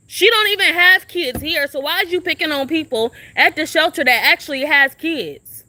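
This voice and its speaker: Her voice sits high and sounds pushed and bright as she rants on a phone live stream at an outdoor shelter. The young woman is profane and confrontational, asking the same questions repeatedly at a normal speed with few pauses.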